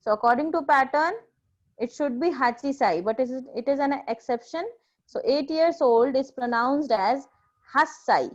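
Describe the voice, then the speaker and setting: A woman with an Indian accent teaches Japanese in a high, bright-sitting voice, patiently drilling each word and repeating it. The recording is dull and lo-fi, with the top end muffled. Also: normal speed. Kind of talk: classroom language lesson.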